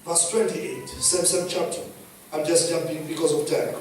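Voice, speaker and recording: A man with a Kenyan accent preaching a sermon as pastor, emphatic, swinging between loud and hushed. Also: fairly high pitch, fairly even intonation, normal speed. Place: church hall. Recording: echoey hall, distant mic, faint noise.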